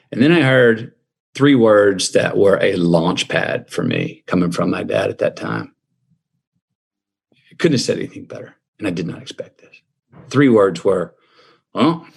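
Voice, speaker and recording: A middle-aged man, a guest in an interview, telling his story in a reflective, drawn-out way. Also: on the low side, expressive, creaky, breathy edge.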